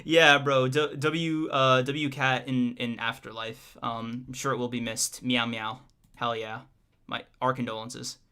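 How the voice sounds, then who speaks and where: Young male podcast co-host, bright voice, jokey, laughs easily. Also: medium pitch, level tone, measured pace, smooth. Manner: joking, laughs often, trails off and restarts. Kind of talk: casual livestream chat.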